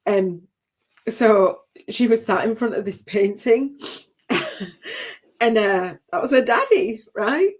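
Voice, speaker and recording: A woman's voice: a little high, expressive, takes it slowly, pauses often. Older woman, spiritual coach on a live stream, emotional and rambling, laughs through tears. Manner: tearful, laughing, heartfelt and rambling. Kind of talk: emotional personal talk on a livestream.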